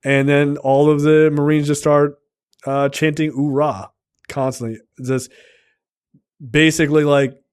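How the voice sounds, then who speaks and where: A man's voice: a little high, little pitch movement, unhurried, smooth. A man co-hosting a film podcast, retelling movie scenes in a loose, profane casual chat full of fillers. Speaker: podcast co-host reviewing a film.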